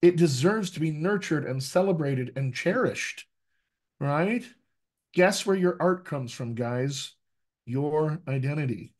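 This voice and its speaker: A man's voice: a little high, darkish tone. Emphatic man coaching accents. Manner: emphatic, conversational, frequent "right?" checks. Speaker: dialect coach. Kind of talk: teaching an online workshop.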